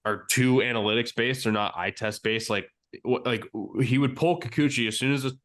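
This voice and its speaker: A man's voice: medium pitch, fairly quick, a bit bright. Profane, heated male sports podcaster. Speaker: podcast co-host. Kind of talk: casual sports chat.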